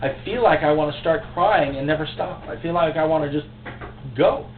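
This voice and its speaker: A man preaching a sermon as pastor, emotional and impassioned, with sudden loud outbursts. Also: a little high, brisk. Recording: echoey, tinny phone-like recording with faint hum.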